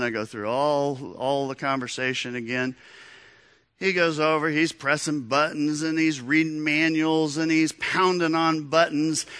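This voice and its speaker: Man, pastor, sermon, animated humorous storytelling, bright forceful voice. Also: on the high side, clear, resonant tone.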